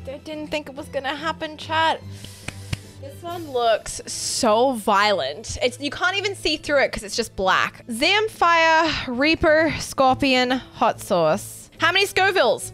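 Excitable high-voiced woman streamer. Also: measured pace, soft background music. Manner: excitable, squealing and laughing between sauces. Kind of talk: gaming hot sauce challenge.

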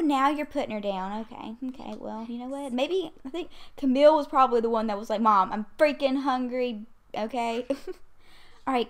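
Woman gamer, slightly high voice, chatty, easily irritated, casual swearing. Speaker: gaming video creator. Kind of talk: casual gameplay commentary. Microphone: USB condenser desk mic.

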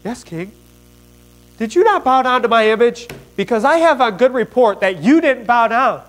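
A man's voice: sits high, expressive, moderate pace. A preacher doing a raging ancient king. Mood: furious. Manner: shouting commands, then coaxing. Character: furious, vain ancient king, adult man. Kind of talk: sermon storytelling.

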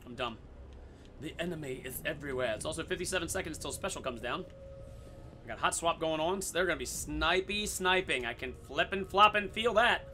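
A man giving goofy, excitable commentary over his own gameplay, swearing in silly made-up phrases. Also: on the high side, fairly quick, faint music behind.

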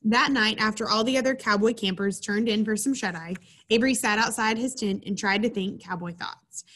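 A woman presents a children's program, reading a picture book aloud before guiding kids through a craft in a chatty, instructive way. Her medium-pitched voice is fairly bright and fairly quick.

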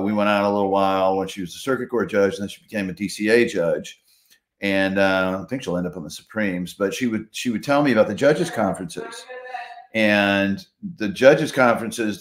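A lively, low-voiced man speaks as a trial attorney, telling courtroom stories in a relaxed interview. He acts out the voices of judges and lawyers and breaks into laughter often. The room around him is noticeably echoey. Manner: animated storyteller, acts out quotes, laughs often. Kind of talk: conversational interview. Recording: roomy echo.

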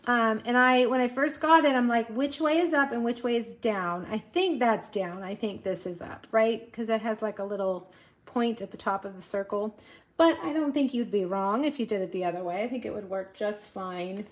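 A woman's voice: fairly high pitch, normal speed. A woman in her forties hosting a casual live card-making demo, chatting and talking straight to her viewers. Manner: chatty, addresses viewers as you guys.

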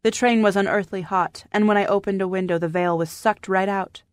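A woman's voice: mid-range voice, fairly even intonation, fairly quick, no room sound, close to an everyday voice. A woman narrator voicing a reserved, wry young woman. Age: young adult.

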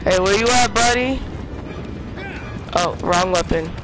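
A young man streaming a video game, chatting in slang and yelling at the game when things go wrong. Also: high-pitched, unhurried, over music. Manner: excitable, trash-talking slang, yells at the game. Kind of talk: casual gaming commentary. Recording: noisy game sound underneath.

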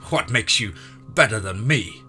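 A man's voice: on the low side, animated, unhurried, soft background music, voice pushed up, full character voice. A man voicing a drunk, menacing uncle who slurs and sways, sing-song one moment and snarling the next. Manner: loud, slurred and sing-song, then snarling.

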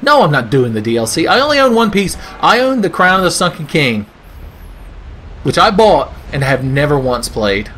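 Very animated and on the high side, a man hosting gaming videos speaks at normal speed in a fairly bright tone over slight background noise. His commentary on the gameplay is sarcastic and profane, full of rants and silly voices.

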